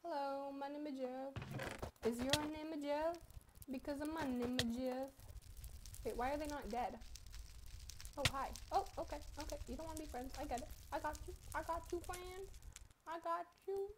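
A woman's voice: high-pitched, moderate pace, long pauses, noisy background. A young woman in her teens, rambling, swearing and giggling as she comments on a game she is playing at home. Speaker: gaming YouTuber. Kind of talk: casual gaming commentary.

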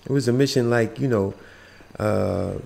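A man's voice: medium pitch, a little slow, gravelly, darkish tone, reverberant. A man giving casual, slangy commentary while playing a video game, chatting to the characters on screen. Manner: laid-back, slangy, talks to game characters.

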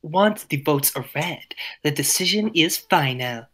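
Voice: mid-range voice, lively intonation, a little slow, fairly bright tone, husky. A podcaster reading as a reality-show host announcing a vote-out. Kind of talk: reading a script aloud among friends.

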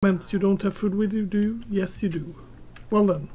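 A woman's voice: mid-range voice, fairly even intonation, normal speed, mellow, slight background noise. A woman giving casual gameplay commentary, muttering to herself and chatting to her tamed pets as she plays.

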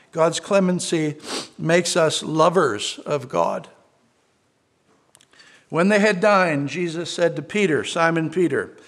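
A man's voice: fairly high pitch, lively intonation, slow. A man preaching a sermon as pastor, earnestly telling a story and quoting scripture. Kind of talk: sermon with read-aloud story.

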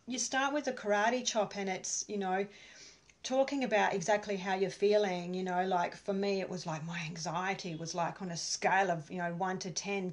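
A woman giving a casual online workshop from home, chatting in a rambling way with many fillers. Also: on the low side. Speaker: workshop presenter. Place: at home with her dog.

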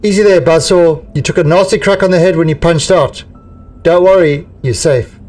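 Man reading a steady merc XO, reassuring briefing tone, mic a bit distant. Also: on the high side, normal speed, close to an everyday voice. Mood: calm. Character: steady male mercenary executive officer.

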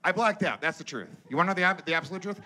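Crude, animated male stand-up comedian. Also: sits high, very fast. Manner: crude, animated storytelling with shouted impressions. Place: comedy stage before a live audience.

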